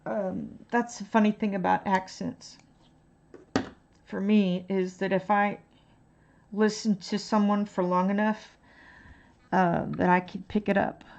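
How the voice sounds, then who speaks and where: Slow, gravelly-voiced woman streamer. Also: mid-range voice, flat delivery, a little mellow, muffled recording. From Texas. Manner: rambling, laughing, self-deprecating. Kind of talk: casual chat while coloring on stream.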